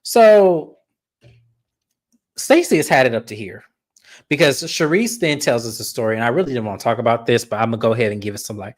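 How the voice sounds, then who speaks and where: A woman's voice: very deep voice, animated, fairly quick. A woman recapping a reality show in casual commentary, blunt and opinionated, swearing freely.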